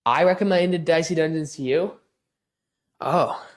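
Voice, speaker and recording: A woman's voice: low voice, unhurried. Rambling woman streamer chatting to viewers. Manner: rambling, with many restarts; self-deprecating and laughing easily. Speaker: live streamer. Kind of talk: casual chat with a stream audience.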